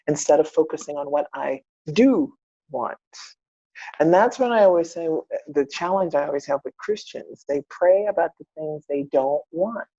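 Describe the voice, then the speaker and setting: A woman's voice: low-pitched, animated, moderate pace, mellow, no room sound. A woman guest on a podcast, telling her personal story candidly and acting out her own past words. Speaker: podcast guest, spiritual mentor. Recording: dull, dry lo-fi podcast audio.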